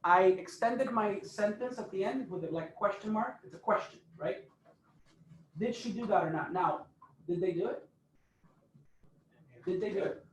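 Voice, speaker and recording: A man's voice: high-pitched, normal speed, pauses often, roomy sound, slight background noise. A man coaching a phone sales team, emphatic and repeating points for stress. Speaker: sales trainer. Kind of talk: phone sales training talk. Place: office phone room.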